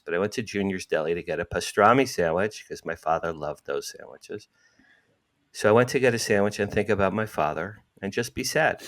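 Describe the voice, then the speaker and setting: A man, telling a personal story as an interview guest, acting out quotes with sudden jumps in pitch. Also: a bit bright.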